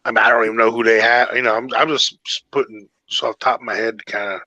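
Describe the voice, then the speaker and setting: A man's voice: medium pitch, flat delivery, fast, bright, forceful tone, no echo, lo-fi sound. A man in a casual fan chat, hedging and sometimes sarcastic about trades.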